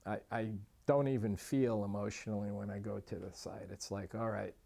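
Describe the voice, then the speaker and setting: A man's voice: lowish voice, fairly even intonation, moderate pace, gravelly, dark tone. A man who lost his home in a fire, speaking wearily and matter-of-factly about his property. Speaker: fire survivor interviewee. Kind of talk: reflective personal account.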